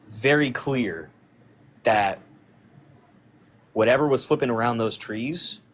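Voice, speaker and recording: A man of ordinary, mid-range pitch telling a story casually, in a loose, rambling way full of filler words. He slips into the voices of the people in the story as he goes. A faint hiss of noise sits under his voice. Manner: retells a friend's encounter, acting out quoted dialogue; loose and conversational, with frequent "like" fillers.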